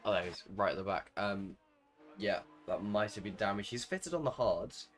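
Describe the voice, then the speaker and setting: A man's voice: on the low side, normal speed, faint music behind. A man commentating on a sim racing league event, calling the race with energy and often stopping to correct himself. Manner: excitable race calls, self-correcting. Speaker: lead commentator.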